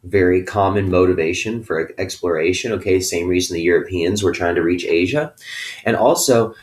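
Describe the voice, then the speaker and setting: Deep-voiced guy teacher doing a video lesson, upbeat and kinda playful, keeps asking okay?. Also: moderate pace. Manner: upbeat and playful, ends many phrases with a checking "okay?". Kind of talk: recorded video lesson for students.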